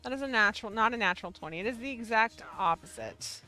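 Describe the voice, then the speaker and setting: A woman hosting a casual livestream, chatting with her viewers in a bubbly, excitable way. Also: a little high, quick pace, faint music behind. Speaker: livestream host of a yarn shop show.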